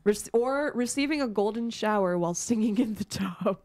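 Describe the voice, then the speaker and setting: A woman's voice: medium pitch, normal speed, a little mellow. A woman co-hosting a podcast, chatting casually with dry, teasing remarks. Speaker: podcast co-host. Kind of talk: casual crude chat.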